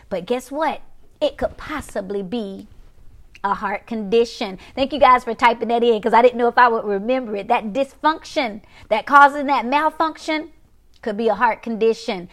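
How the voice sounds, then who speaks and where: A woman preaching a sermon on a live stream, emphatic and repetitive, stretching key phrases and calling out to her viewers. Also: a little high.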